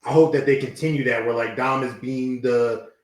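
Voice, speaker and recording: A man co-hosting a casual wrestling podcast, talking fast and acting out what wrestlers might say. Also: mid-range voice, reverberant. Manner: animated, acts out wrestlers in quick voices. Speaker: podcast co-host.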